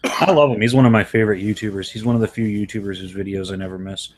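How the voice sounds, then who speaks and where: A man's voice: on the low side, steady tone, quick pace. A man hosting a livestream, chatting casually and telling loose, profane stories. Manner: loose, profane storytelling with frequent laughs. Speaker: streamer hosting a live chat.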